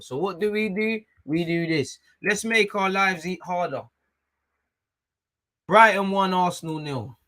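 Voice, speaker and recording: Excitable fan yelling at the ref. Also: male voice, high-pitched, a little slow. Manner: excitable, shouts at the ref, drops to mutters. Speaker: fan watchalong host. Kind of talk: live football watchalong commentary.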